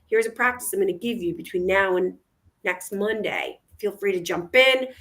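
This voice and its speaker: A woman's voice: mid-range voice, moderate pace, a bit bright. A woman co-hosting a casual talk show, speaking energetically and encouraging her listeners. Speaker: co-host. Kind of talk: casual chat.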